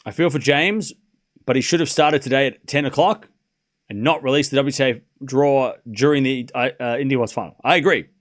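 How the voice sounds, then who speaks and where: A man's voice: medium pitch, fairly quick. A man hosting a live tennis watchalong stream, calling scores casually between chatty, laughing asides, swearing freely. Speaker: stream host. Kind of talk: live sports watchalong commentary.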